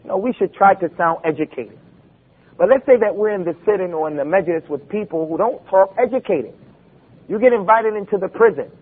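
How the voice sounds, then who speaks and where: A man's voice: high voice, a little fast, slightly rough. A man giving an Islamic lecture, emphatic and full of rhetorical questions, quoting Arabic texts. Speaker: preacher. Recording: phone-like lo-fi recording.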